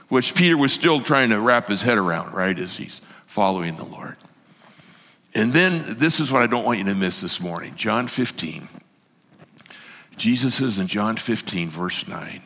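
Bright-voiced man preaching a sermon. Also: lowish voice, normal speed, long reverb tail. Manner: animated, swinging from loud to hushed. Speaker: pastor.

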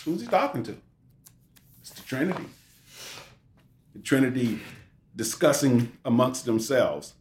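A man delivers a loose, conversational sermon, circling back on his words and posing questions to his listeners. His voice sits at an ordinary pitch. The room gives it a noticeable echo. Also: animated, normal speed, pauses often. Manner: conversational, rambling, with restarts and rhetorical questions. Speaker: preacher. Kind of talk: informal sermon. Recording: roomy echo.

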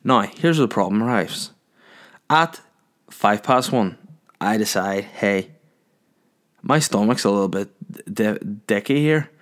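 A man's voice: fairly low pitch, expressive, takes it slowly, pauses often, fairly bright tone. Rambling man telling crude stories. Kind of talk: comic storytelling monologue.

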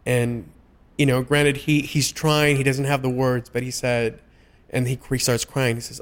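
Young adult man, medium voice, halting heartfelt chat guest with frequent restarts. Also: medium pitch, little pitch movement. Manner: halting, many restarts and fillers. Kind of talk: casual heartfelt conversation.

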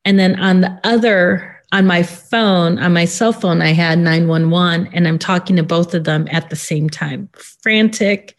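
Slow, halting woman. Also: on the low side. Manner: halting, with many pauses and fillers. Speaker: interview guest. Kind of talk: personal account in an interview.

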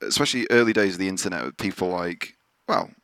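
Low-voiced man telling stories. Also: fast, a bit bright, no room sound. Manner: swears freely, acts out others in quotes. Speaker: podcast host. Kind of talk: casual storytelling chat. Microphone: podcast microphone.

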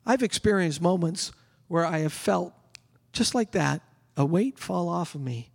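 A male pastor preaching an exuberant sermon. He bursts into yelling at times and leads the congregation in call-and-response. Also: high voice, animated, a little slow, gravelly, slightly rough, in a large hall. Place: church sanctuary.

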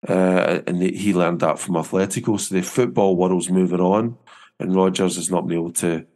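A man's voice: sits low, steady tone, normal speed, a little mellow. A man hosting a casual football podcast, rambling and chatty with frequent restarts. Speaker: podcast host.

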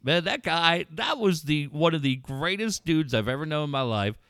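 A man's voice: a little high, moderate pace, smooth, no echo. A middle-aged man telling a story in casual, profane podcast talk, acting out the voices of the people in it. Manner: profane, animated storyteller who acts out voices.

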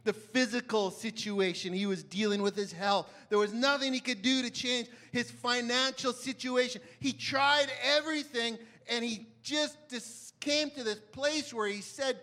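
Male preacher, high and bright timbre, emphatic delivery that swings loud to hushed. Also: unhurried. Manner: emphatic, dramatic swings from loud to hushed, asks the audience questions. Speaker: pastor. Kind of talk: sermon.

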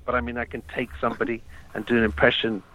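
A man's voice: medium pitch, flat delivery, quick pace, sharp tone, dry recording, poor audio. A man answering casual interview questions with hesitant restarts and dry humor. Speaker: interview guest. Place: lives in London.

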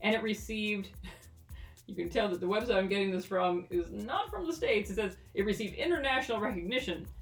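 A woman's voice: mid-range voice, far from the mic. A woman co-hosting a casual podcast, playful and jokey, laughing often. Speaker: podcast co-host. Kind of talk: casual chat. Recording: echoey room, a bit off-mic.

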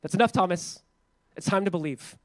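A man pastor giving an animated, conversational sermon, acting out quotes in a playful way. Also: high-pitched, fairly quick, dry recording.

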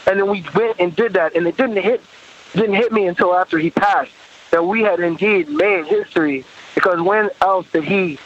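A man with a high voice tells a long story as an interview guest. He laughs often, acts out the voices of others, and sounds dull and lo-fi. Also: normal speed. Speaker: guest musician, horn arranger.

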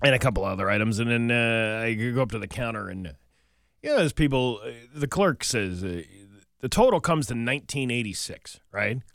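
A bright-voiced man hosts morning radio. He trades wry jokes with a lively, swinging delivery on a dry studio mic. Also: medium pitch, fairly quick, gravelly, dry recording. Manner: wry storyteller, joking. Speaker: radio morning show co-host. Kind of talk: casual radio banter and newsreading. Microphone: studio microphone.

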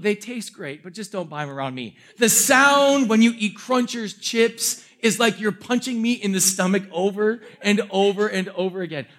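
Animated high-voiced male preacher. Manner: animated, self-mocking storytelling with jokes. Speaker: pastor. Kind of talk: sermon.

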